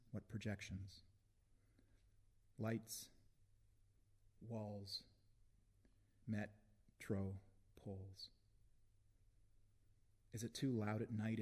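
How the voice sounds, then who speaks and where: A man giving a live poetry reading in a concert hall, slow and deliberate with dramatic pauses, into a stage microphone. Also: lowish voice, warm tone. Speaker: poet.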